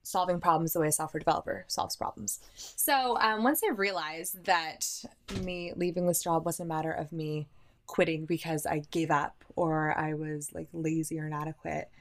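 A woman's voice: deep voice, fairly even intonation, normal speed. Chatty young woman. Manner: chatty and self-aware, with frequent ums and laughs. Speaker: guest. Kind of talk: casual conversational interview.

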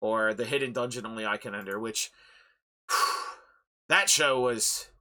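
Excitable young man, bright-toned podcast host. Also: on the low side, measured pace. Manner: rambling, excitable, swears freely. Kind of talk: casual anime review chat.

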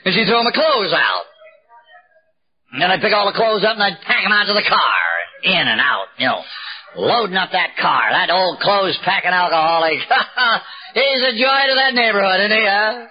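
A man's voice: sits high, big pitch swings, normal speed. An older man giving a humorous personal talk at a recovery meeting, a wry, self-mocking storyteller with a knack for comic timing. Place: live talk at a gathering. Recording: dull, lo-fi old tape recording with faint hiss.

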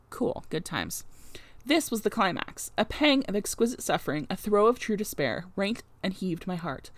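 A woman reading a classic novel aloud in an expressive first-person narration, with wry, offhand asides. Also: medium pitch. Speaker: audiobook reader.

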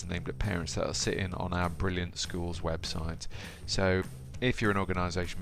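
A man hosting a podcast, chatty and animated, telling a story off the top of his head. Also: deep voice, gravelly. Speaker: podcast host. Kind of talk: casual podcast talk and storytelling.

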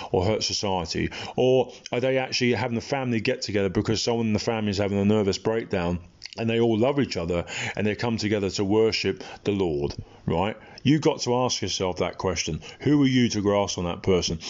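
Blunt low-voiced British preacher. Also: male voice, darkish tone, lo-fi sound. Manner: impassioned, blunt, conversational with frequent ums. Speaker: Christian preacher. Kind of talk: informal online sermon.

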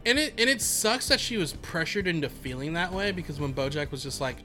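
A man with a bright, forceful voice chatting on a podcast. His pitch sits a little high for a man, and he leans hard on his points and curses easily. Soft music plays behind him. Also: a little fast. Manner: animated, emphatic, swears freely. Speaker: podcast co-host. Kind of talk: casual chat.

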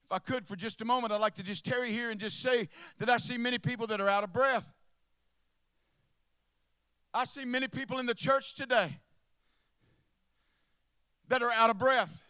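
High-voiced preacher, hushed to shouting. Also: male voice, normal speed, pauses often, smooth, no room sound. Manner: impassioned, swings from hushed to shouting; calls out to the congregation. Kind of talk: sermon.

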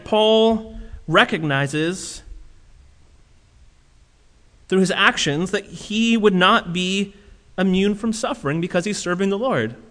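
Male pastor, lively sermon delivery, fairly high voice, hall echo. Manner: animated, acts out quotes with shifting voice. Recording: long hall reverb.

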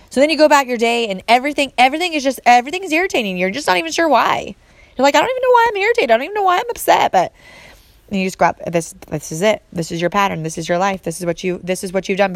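A woman's voice: on the low side, no echo. Emphatic woman coach, dry sound. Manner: emphatic, repetitive, direct address. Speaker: fitness and mindset coach. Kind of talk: motivational talk.

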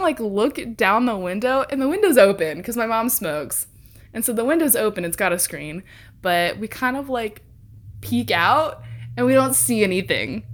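A woman in casual chat telling a ghost story, laughing often, swearing freely and acting out what people said. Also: fairly high pitch.

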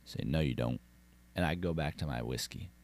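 An actor playing a lonesome, boastful cowboy rancher with a Southern drawl, rambling deadpan with tough-guy bravado and swearing. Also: very deep voice, brisk. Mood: brooding. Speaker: comedy character host. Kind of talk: deadpan comic monologue.

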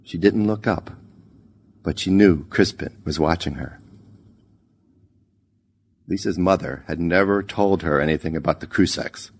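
A man narrating a short story in a measured, expressive reading. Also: low voice, gravelly, slightly rough.

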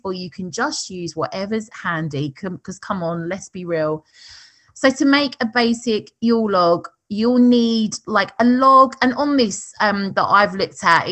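A woman's voice: medium pitch, a bit bright. A woman co-hosting a podcast in casual chat, chatty with frequent laughs and fillers. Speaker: podcast co-host.

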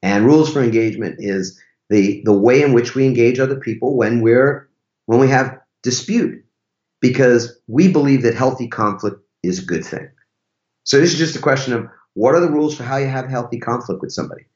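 Speaking fairly quickly in a medium-pitched, darkish voice, a man who teaches relationships guests on a podcast, talking casually and emphatically with rhetorical questions. The interview is recorded with a roomy, slightly dull sound.

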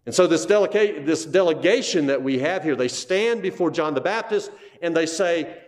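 Male pastor, bit higher pitch, emphatic teaching tone, rhetorical questions. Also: expressive, normal speed, hardly any pauses. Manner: emphatic, repeats key phrases, asks the listeners questions. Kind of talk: expository Bible teaching.

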